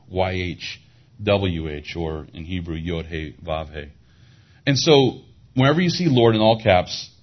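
A low, husky male voice preaching a sermon, working through scripture and Hebrew words in a teaching manner. The recording is dull and lo-fi. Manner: expository Bible teaching, explaining Hebrew words; rises in pitch and volume for emphasis. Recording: dull lo-fi sound.

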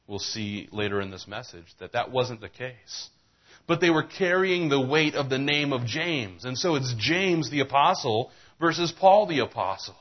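A man's voice: mid-range voice, lively intonation, normal speed, muffled recording. A man preaching a sermon as a pastor, reading scripture and telling folksy jokes.

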